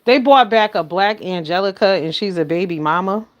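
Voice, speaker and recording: A woman around fifty chatting casually with her livestream viewers, swinging between loud exclamations and low mutters. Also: moderate pace, dull audio. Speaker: livestream host.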